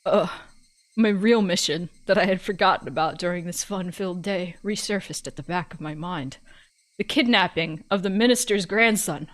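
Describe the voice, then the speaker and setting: A woman's voice: on the low side, moderate pace. Woman streamer reading a story aloud. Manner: expressive reading, breaks off for joking comments. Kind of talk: first-person narration with casual asides.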